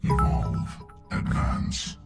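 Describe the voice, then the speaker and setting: An actor playing an ancient, arrogant male machine overlord in a video game, speaking in slow, ominous pronouncements through a heavy echo effect. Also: over loud music. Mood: menacing. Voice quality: deep gravelly reverberating voice.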